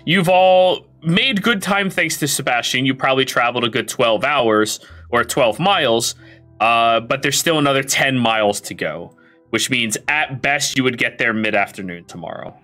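A man narrating as game master of a tabletop game, describing scenes in an animated way. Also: mid-range voice, moderate pace, faint music behind.

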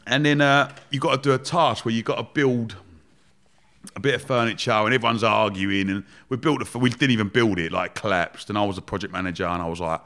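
A man's voice: fairly low pitch, steady tone, fast, a bit bright. A man, a podcast guest telling rambling, laughing anecdotes with casual swearing. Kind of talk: casual storytelling interview.

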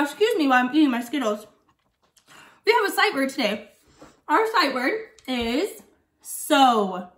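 A woman's voice: sits high, a bit bright. A woman voicing a forgetful old lady who teaches young children, chatting while chewing candy. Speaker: guest teacher for a kindergarten class. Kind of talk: playful video lesson for young children.

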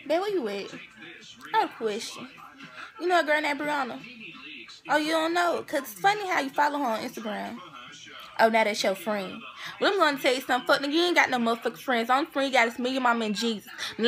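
Brash Atlanta woman, bright and high. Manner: brash, profane, confrontational. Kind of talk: comedic skit monologue.

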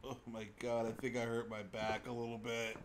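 A young man giving excitable live commentary while he plays a game, laughing and shouting as he reacts. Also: medium pitch, normal speed, background noise. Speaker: streamer.

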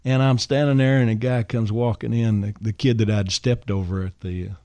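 A man's voice: lowish voice, fairly even intonation, a little fast, mellow, dry recording. An older man, a songwriter, telling a rambling anecdote on a radio show in an easygoing way, full of fillers and "man". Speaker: songwriter and guest. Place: radio studio.

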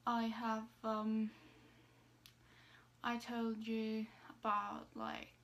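Hesitant young woman, flat higher voice. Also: drawn-out words, creaky, slight background noise. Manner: hesitant, many fillers and restarts, soft asides. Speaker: vlogger. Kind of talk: casual personal storytelling.

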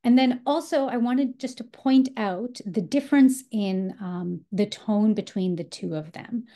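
A woman's voice: fairly high pitch, measured pace, warm tone. A woman leading a writing workshop, explaining literary passages in a thoughtful, explanatory way with frequent fillers such as "um" and "you know.".

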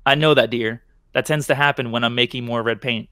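A cold, calm male killer from a spooky story as a man reading it puts him on. His voice is mid-pitched and level, with no rise into drama. It is recorded close and dry. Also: a little fast, clean tone, no echo, natural voice. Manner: calm, condescending.

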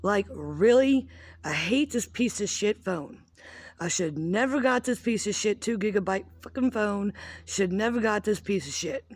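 A woman's voice: mid-range voice, lively intonation, a little slow, dry recording. A woman in her fifties ranting casually at home, rambling, swearing freely and poking fun at herself. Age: 50s. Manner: rambling, profane, self-mocking. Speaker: vlogger. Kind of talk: casual rant.

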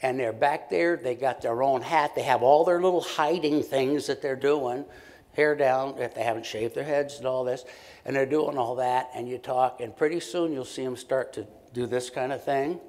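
A man speaking as a professor in a keynote lecture, his pitch sitting in the middle range. He talks in a loose, conversational way and stays animated. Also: moderate pace. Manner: conversational, animated, acts out short quoted exchanges. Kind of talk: conference lecture.

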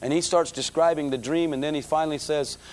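Middle-aged male preacher, slightly high voice, tells his testimony to the folks. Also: steady tone, fast. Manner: storytelling, acts out voices in his story; addresses audience as folks. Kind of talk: testimony sermon.

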